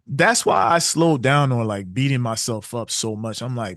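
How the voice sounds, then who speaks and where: A man's voice: mid-range voice, unhurried, fairly bright tone, no echo, clean studio sound. A man hosting a webinar, talking casually and candidly, reflective, laughing often. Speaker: trading webinar host. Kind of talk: casual motivational talk.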